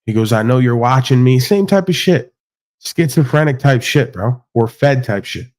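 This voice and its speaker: A man's voice: medium pitch, animated, moderate pace, darkish tone. A man hosting a livestream panel, ranting bluntly with lots of swearing and acting out quoted exchanges. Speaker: podcast host. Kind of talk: casual livestream rant.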